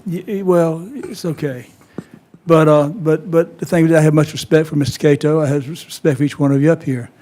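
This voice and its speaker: Council member, warm kinda high voice, calming everybody down, stumbles a bit. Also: male voice. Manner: conciliatory, rambling, halting. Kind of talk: council meeting remarks.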